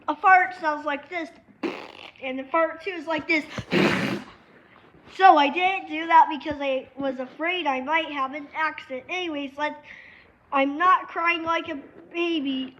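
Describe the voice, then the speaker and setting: A very high-pitched woman rambles through a casual home vlog at a slow, unhurried pace, filling the gaps with "anyways". The recording is dull and lo-fi, with a faint hiss underneath. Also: fairly bright tone. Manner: rambling, keeps saying "anyways". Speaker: vlogger. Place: at a table indoors.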